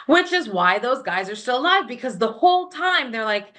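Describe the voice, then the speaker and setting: A woman chatting casually about a film, animated and acting out scenes as she retells them. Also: high voice, moderate pace, few pauses. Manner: animated, acts out characters in quotes. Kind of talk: casual movie review chat.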